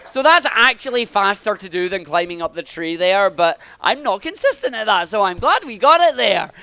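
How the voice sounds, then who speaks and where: A man's voice: high voice, big pitch swings, moderate pace, sharp tone, clear, resonant tone. Give me a man narrating his own speedrun live, calling every jump and dash. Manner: upbeat, talks through each move as he plays.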